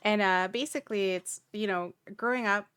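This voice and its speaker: A woman from Canada speaking on a livestream panel, reflective and halting, often restarting her sentences. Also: mid-range voice, a bit bright, clear, resonant tone, no room sound. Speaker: streamer, panel guest. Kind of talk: casual panel discussion.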